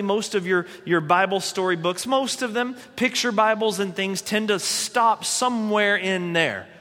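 A man's voice: high-pitched, fairly bright tone, in a large hall. A man preaching a sermon in a conversational way, retelling scripture in everyday speech. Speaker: pastor.

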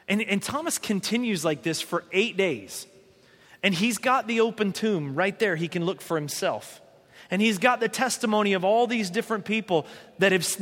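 A man preaching a sermon as pastor, animated and conversational, often acting out what people in the story might say. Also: sits high, big-room sound. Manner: animated, acts out quoted voices.

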